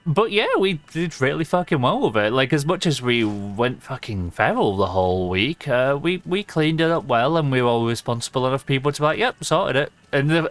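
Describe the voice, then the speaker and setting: A young man rambles casually as he streams a game. He swears freely and laughs often, and his voice sits at an ordinary pitch for a man. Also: a bit bright. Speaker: livestreamer. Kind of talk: casual gaming stream chatter.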